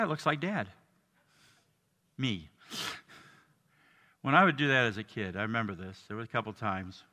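An older man preaching a sermon as pastor, earnest, dropping soft and low and then rising to emphatic lines. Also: long reverb tail. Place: church.

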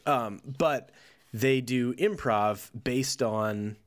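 Man, mid-pitched, laid-back comedy podcast co-host, dry sound. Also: extremely slow, no room sound. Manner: easygoing, rambling storyteller.

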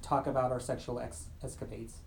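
A man's voice: medium pitch, flat delivery, gravelly. A man performing an improvised comedy scene, rambling playfully from joke to joke. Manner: playful, rambling, quick jokes. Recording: echoey room with faint hiss.

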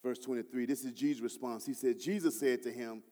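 A man preaching a sermon as pastor. He swings from hushed, low-voiced prayer quotes to loud, half-sung emphasis. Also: steady tone, fairly quick, hardly any pauses, long reverb tail. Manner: preaching with rising, shouted emphasis and sung phrases; often drops to a low, hushed voice when quoting prayers.

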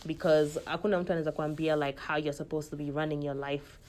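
Young kenyan woman podcasting, kinda low voice, chatty and candid, hops between swahili and english. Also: little pitch movement, fast talker, darkish tone. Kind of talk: casual monologue.

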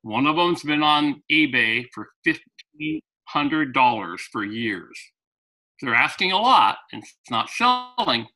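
Bright-voiced man telling a story. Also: mid-range voice, low-quality recording. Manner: animated anecdotal, with frequent restarts. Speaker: guest. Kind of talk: storytelling in conversation.

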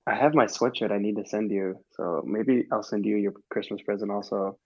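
A man's voice: fairly low pitch, fairly even intonation, normal speed, a little mellow, slightly rough, highs cut off. A young American man, a soccer player guest, chatting casually and laughing often. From United States. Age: young adult. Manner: laid-back, laughs often, loose filler-heavy talk. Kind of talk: casual interview chat.

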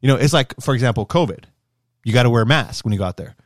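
A man in casual, profane podcast talk, ranting in an animated way and swearing often. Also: medium pitch, racing, dry recording, clean studio sound. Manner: animated, swearing, rising to shouts when worked up. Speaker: podcast co-host.

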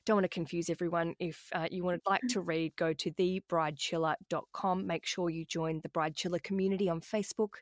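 Chatty podcast host, dry close sound. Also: female voice, lowish voice, fairly even intonation, brisk, few pauses, no echo. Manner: chatty, self-deprecating, swears freely. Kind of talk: casual podcast chat.

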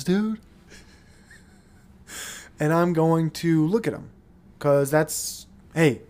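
Guy ranting on his own show, kinda high voice, swears a lot, rambles. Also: darkish tone. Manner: rambling, profane, blunt. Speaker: podcast host. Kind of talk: casual rant monologue.

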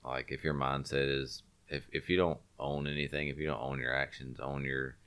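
A man's voice: very deep voice, flat delivery, normal speed, fairly bright tone, clear, resonant tone. A congested man in casual podcast chat, rambling and restarting his sentences often. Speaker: podcast co-host.

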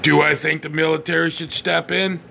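A man's voice: fairly high pitch, flat delivery, normal speed, creaky, bright, forceful tone, a little hiss or hum. A blunt, profane man ranting on his podcast, often stammering and restarting. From United States. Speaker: podcast host. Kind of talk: opinionated podcast rant.

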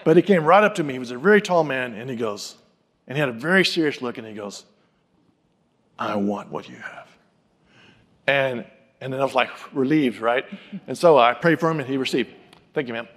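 A man preaching a sermon, telling personal stories and acting out the people he quotes in an animated way. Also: medium pitch, quick pace, long reverb tail. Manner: animated, acts out quoted voices. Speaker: pastor. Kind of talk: sermon storytelling.

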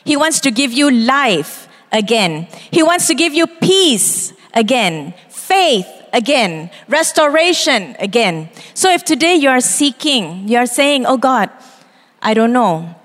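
Expressive woman pastor in echoing church. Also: high-pitched, measured pace, hardly any pauses. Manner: expressive, acts out quoted voices, laughs easily. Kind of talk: sermon. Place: church hall. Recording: long reverb in a church hall.

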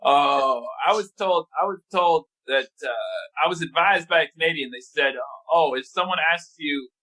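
Bright-toned man from the States, dry ironic wit, slightly high voice. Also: normal speed, low-quality recording. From United States. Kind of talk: casual comedic chat.

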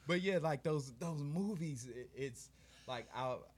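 A man's voice: fairly high pitch, animated, unhurried, slightly rough. A man co-hosting a casual podcast chat, rambling with many fillers and frequent laughter. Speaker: podcast co-host.

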